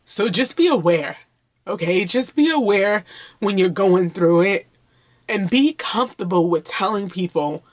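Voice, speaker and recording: Speaking straight to her viewers in a candid personal vlog, a woman with a mid-range, animated voice keeps a measured pace. She comes across as earnest and open, loose and conversational, with fillers and restarts.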